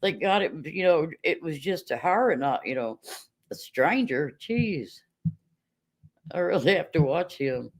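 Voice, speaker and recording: A woman's voice: low voice, lively intonation, unhurried. A middle-aged woman chatting casually with viewers on a livestream, telling stories and laughing often.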